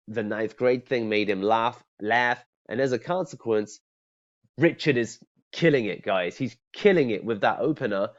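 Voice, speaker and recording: A man teaching cold calling in a conversational way, often restarting and checking in with "okay?". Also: fairly low pitch. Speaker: sales trainer. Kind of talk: training talk to camera. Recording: dull lo-fi sound.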